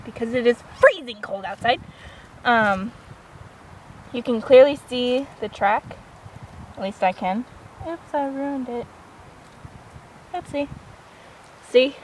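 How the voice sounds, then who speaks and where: A woman's voice: on the high side, rough recording. A teenage girl vlogging as she walks through a forest outdoors, chatty and self-mocking, with jokey asides, filmed on a handheld device. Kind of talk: walking tour vlog. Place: small forest by a creek, outdoors on a windy day. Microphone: handheld iPod camera. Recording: wind noise and a rushing creek.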